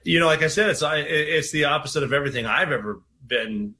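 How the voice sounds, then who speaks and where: A man speaking as a veteran guest in an interview clip, earnest and halting. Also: a little high, fairly even intonation, sharp tone.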